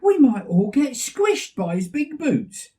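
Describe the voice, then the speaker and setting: A man's voice: extremely high pitch, sing-song, slow, warm tone, distant mic, pitched above the performer's own voice, heavily acted. A man voicing a prim, fussy mother bear in a children's story.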